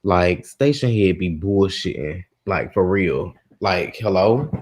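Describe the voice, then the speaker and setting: A man's voice: low-pitched, big pitch swings, measured pace, darkish tone, breathy edge. A man hosting a live gossip stream, chatting casually with his listeners, exasperated and swearing freely. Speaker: host of a live gossip show.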